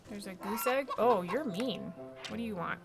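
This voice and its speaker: A woman's voice: mid-range voice, moderate pace. Chatty woman streaming a game. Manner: chatty, talks to herself while playing. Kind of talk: casual let's-play commentary. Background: video game music.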